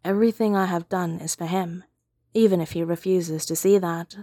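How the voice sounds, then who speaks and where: A woman voicing a cold, possessive male immortal who speaks with measured scorn, in a dry, close reading. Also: fairly low pitch, fairly even intonation, mellow, no echo, close to an everyday voice. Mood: vicious.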